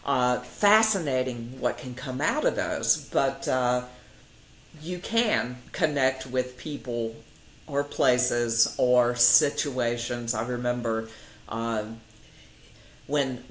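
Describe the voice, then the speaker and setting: A woman's voice: a bass voice, slow. A middle-aged woman, telling stories as an interview guest and acting out the voices of the people in them. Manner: animated, acts out quoted voices, laughs often. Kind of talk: casual storytelling in an interview. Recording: echoey room.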